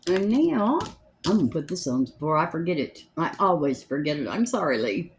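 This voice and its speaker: An older woman in her seventies with a drawl talks through her makeup routine at home. She rambles along in a chatty, homespun way, her voice sitting a little low for a woman. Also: very animated, moderate pace, slight background noise. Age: 70s. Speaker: makeup vlogger. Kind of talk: casual chat while doing makeup. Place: home, seated in a chair.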